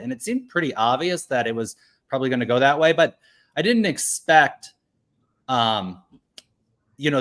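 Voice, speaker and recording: A man's voice: mid-range voice, fairly bright tone. A man co-hosting a casual recap chat, rambling and laughing often. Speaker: podcast co-host.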